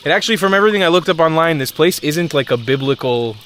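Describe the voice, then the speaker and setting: A man's voice: a little high, expressive, fast talker, a bit bright, slight background noise. A young man talking to his camera outdoors in the countryside, a casual and candid travel vlogger who swears now and then. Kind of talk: casual travel vlog talk. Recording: music playing underneath the voice.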